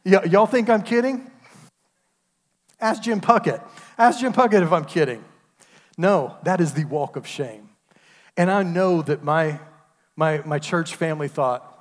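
A man's voice: fairly high pitch, unhurried, long pauses. A man, preaching a sermon with call-and-response asides. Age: 50s. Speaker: pastor. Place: church sanctuary. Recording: long hall reverb.

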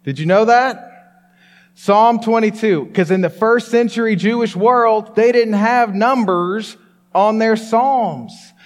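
A man preaching with animated emphasis to his congregation. His voice sits a little high. The sound carries the long reverb of a church hall. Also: takes it slowly. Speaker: pastor. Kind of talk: sermon.

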